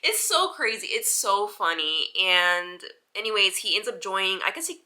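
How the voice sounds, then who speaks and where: A woman chatting casually in a book vlog, animated and informal, leaning on "like" and dropping the odd swear word. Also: mid-range voice, normal speed. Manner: chatty and animated, heavy use of "like". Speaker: book vlogger. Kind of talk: casual reading vlog chat.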